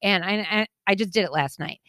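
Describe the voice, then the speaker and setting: A woman's voice: mid-range voice, brisk, fairly bright tone, no room sound, clean studio sound. A woman co-hosting a podcast in casual chat, easygoing and playful with slang. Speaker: podcast co-host.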